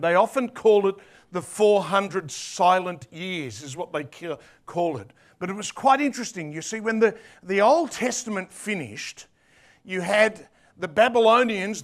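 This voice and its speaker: A man with an Australian accent talks to a conference crowd in a chatty, playful way, full of asides. His voice sits noticeably high for a man. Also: fairly bright tone. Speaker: conference speaker. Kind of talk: casual, joking presentation. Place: conference hall with an audience.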